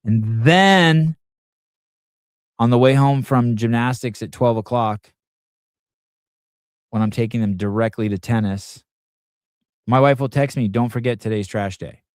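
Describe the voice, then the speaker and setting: A man's voice: mid-range voice, steady tone, normal speed, long pauses, darkish tone, clear, resonant tone, no echo, clean studio sound. A middle-aged man hosting a live podcast, telling rambling, profane stories in a casual chat. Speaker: podcast host.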